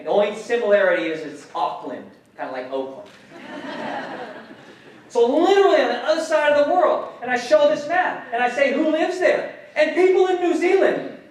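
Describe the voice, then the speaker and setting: A man lectures in a big hall, his fairly high voice ringing with heavy echo. He is animated and questions the audience directly, cursing casually. The mic sits some way from him. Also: distant mic. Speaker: guest speaker, educator. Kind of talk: public lecture.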